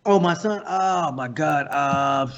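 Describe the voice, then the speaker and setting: Here the same comedic actor, a guest on a relaxed interview, spins profane, lively tales while taking his time. His pitch runs somewhat high, and the recording has its top frequencies cut off.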